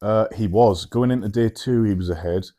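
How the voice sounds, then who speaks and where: Man, podcast co-host, teasing, sweary, lowish voice, dark tone. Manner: teasing, sweary, quick to joke. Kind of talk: casual sports chat.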